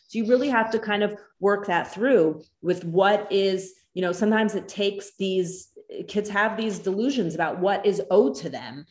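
A woman's voice: mid-range voice, moderate pace, hardly any pauses, echoey room. A woman co-teaching a parenting class, chatty and acting out children's lines. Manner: chatty, acts out kids' lines.

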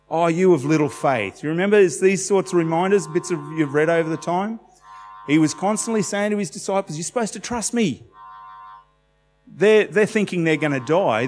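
A man's voice: fairly high pitch, in a large hall. A man preaching a sermon in a conversational, emphatic way, telling stories with animation.

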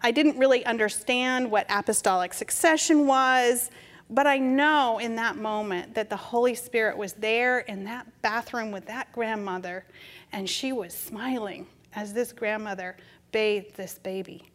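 A middle-aged woman preacher with a somewhat high voice gives a conversational, storytelling sermon, her anecdotes leading into her message. She speaks gently and unhurriedly, and a long reverb makes it sound like a large church sanctuary.

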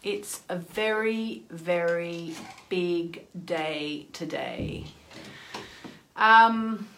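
A woman's voice: medium pitch, a bit bright, slight background noise. A woman chatting earnestly into her phone as the host of an astrology livestream, with many "you know" asides. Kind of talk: casual livestream chat.

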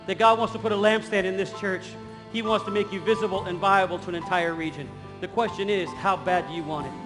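A male pastor preaching a fervent sermon in a large church, rising at times to shouts. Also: sits high. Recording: long hall reverb, faint music.

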